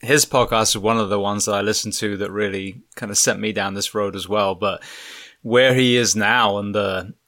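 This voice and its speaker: A man's voice: lowish voice, fairly even intonation, normal speed, sharp tone, no echo, clean studio sound. A man hosting a casual interview, making thoughtful, fluent remarks.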